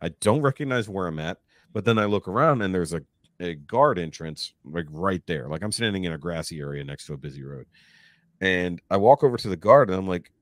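A man's voice: sits low, a little fast, dry recording, clean studio sound. A man on a podcast telling a long dream story in a casual, profane way. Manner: profane, animated retelling with acted-out quotes. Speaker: podcast guest.

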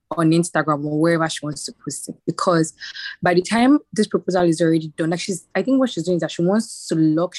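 A woman with a fairly low voice speaks frankly on a casual podcast, weighing out her opinion as she goes. Her sound is dry and close to the mic. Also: a little mellow, husky, no room sound. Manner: frank, opinionated, quick reasoning.

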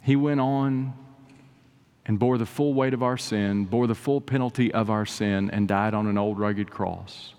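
A man preaching a sermon as pastor, with dramatic swings between soaring emphasis and hushed, drawn-out lines. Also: lowish voice, clean tone. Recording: long reverb of a large hall.

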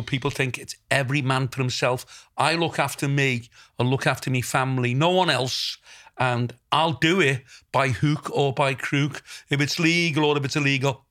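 A man's voice: medium pitch, a bit bright. An older man with a Liverpool accent, hosting a podcast in casual chat, blunt, sweary and rambling. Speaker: podcast host.

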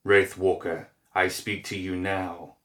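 A man doing a slow crooning demon. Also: low voice, level tone, a bit bright. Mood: menacing. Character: monstrous demon voice, slow, domineering, hungry. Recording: echoey room.

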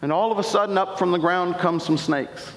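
High-voiced man preaching in an echoey hall. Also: brisk. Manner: dramatic, voices biblical speakers in retelling. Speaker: pastor. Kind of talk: sermon. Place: church sanctuary.

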